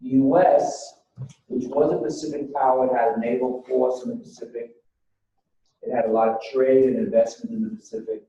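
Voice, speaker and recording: A man's voice: medium pitch, warm tone. Lecturing man in an echoey hall. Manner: storytelling, retells exchanges as dialogue. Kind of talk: university history lecture. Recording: echoey lecture hall, mic far off, dull.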